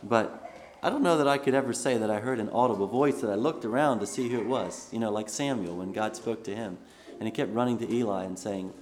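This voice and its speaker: A man's voice: lowish voice, a little fast, a little mellow. Man preaching, reading scripture aloud. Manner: reads scripture aloud then comments conversationally. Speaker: pastor. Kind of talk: sermon.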